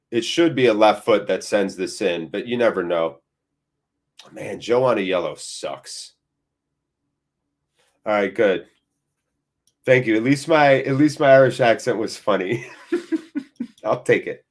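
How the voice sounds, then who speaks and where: A man hosting a live match watchalong, chatting with viewers and breaking into excited play-by-play. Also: on the low side. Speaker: fan channel host.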